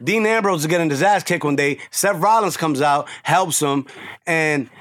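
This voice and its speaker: A man, telling profane stories loudly on a podcast and laughing often. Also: a little high, normal speed. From New York. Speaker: podcast host. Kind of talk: casual chat.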